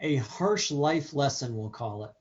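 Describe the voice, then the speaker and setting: A man's voice: medium pitch, lively intonation, measured pace. A man co-hosting a casual movie review chat, joking and laughing often. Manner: jokey, laughs often, does silly voices. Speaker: podcast co-host. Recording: dull lo-fi audio.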